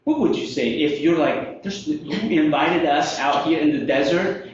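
A man's voice: fairly high pitch, unhurried, hardly any pauses, very echoey, lo-fi sound. A man leading an interactive Bible lesson, asking his listeners questions and laughing often. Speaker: Bible study teacher.

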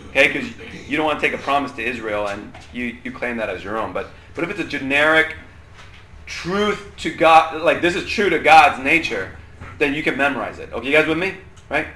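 A man's voice: mid-range voice, expressive, a little fast, sharp tone. A man leading a casual Bible lesson, chatty and often checking in with the class. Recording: roomy echo, faint room noise.

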